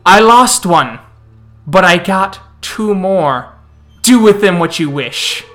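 A man voicing a cold, threatening vampire prince who speaks in a measured way. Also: sits high, expressive, a bit bright, soft background music, pitched above the performer's own voice, heavily acted. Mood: gloating threat. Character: menacing vampire prince of the city, male.

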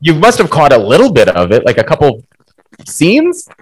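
A middle-aged man and comedian, a guest on a podcast, explaining his points in an animated way. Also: a little high, normal speed, slight background noise, low-quality recording. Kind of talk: casual interview chat.

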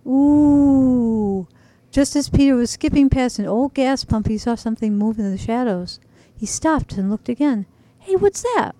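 A woman reading a children's story aloud, animated, pausing to talk to young listeners. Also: a little high, no echo, low-quality recording.

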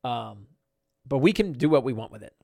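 A middle-aged man hosting a casual live-stream chat, rambling and animated, with many fillers and restarts. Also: medium pitch, normal speed, vocal fry, no echo, studio quality. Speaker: podcast host.

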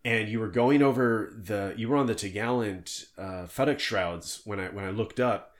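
A man's voice: fairly low pitch, moderate pace. A man hosting a casual interview, telling sailing stories in a rambling way, often stopping himself and laughing. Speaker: podcast host and former tallship captain.

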